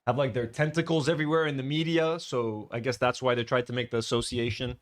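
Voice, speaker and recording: A man's voice: medium pitch, little pitch movement, fast talker. A man streaming live, reacting to video clips with loose, joking, profane commentary.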